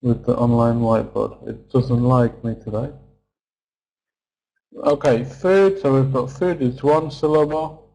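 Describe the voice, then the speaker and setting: A man with a creaky, warm, mid-range voice teaches pronunciation online, speaking unhurriedly with fairly even intonation. As an English teacher, he patiently repeats each word, counts its syllables and explains the stressed vowel sound step by step. The audio quality is poor.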